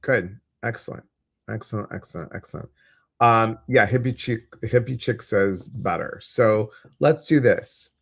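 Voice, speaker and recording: A man's voice: lowish voice, unhurried, creaky, slightly rough. A man hosting a livestream as an intuitive coach, chatting casually, greeting viewers and reading their comments. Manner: warm, chatty, addresses viewers directly. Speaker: intuitive coach and stream host.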